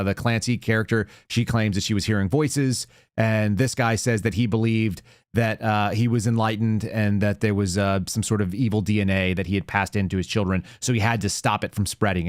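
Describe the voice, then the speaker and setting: A man's voice: fairly low pitch, no echo, studio quality. A man hosting a live commentary show, talking in a blunt, indignant, rambling way. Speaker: show host.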